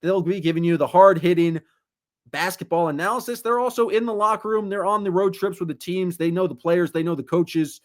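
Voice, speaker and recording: A man co-hosting a casual podcast, talking in an animated, comic ranting way. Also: high-pitched, a little fast. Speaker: podcast co-host.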